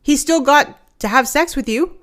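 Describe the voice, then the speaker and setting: A woman's voice: sits high, moderate pace, a bit bright. Frank Bahamian woman host commenting. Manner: direct, frank, talks straight to viewers. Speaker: host reacting to a clip. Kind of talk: commentary to viewers.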